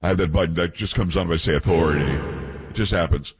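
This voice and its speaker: A man's voice: deep voice, quick pace, husky. A man hosting a talk radio show, reading news aloud with blunt opinions and joking asides to his co-hosts.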